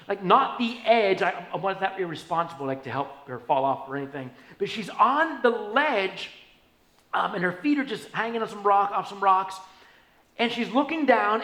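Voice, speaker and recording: A man preaching a storytelling sermon as a pastor, animated, swinging from hushed to loud. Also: high-pitched. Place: church sanctuary. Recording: echoey church hall.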